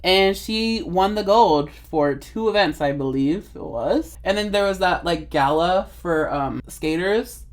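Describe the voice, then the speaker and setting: A woman's voice: on the low side, lively intonation, a little slow, hardly any pauses. A woman in her twenties chatting casually and giggling while painting her face in her bedroom, rambling and swearing freely. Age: 20s. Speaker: vlogger.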